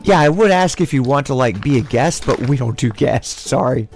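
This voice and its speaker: A man hosting a podcast, recapping news in a casual, animated way with plenty of swearing. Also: medium pitch, normal speed, gravelly, faint music behind. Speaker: podcast host. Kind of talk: casual chat.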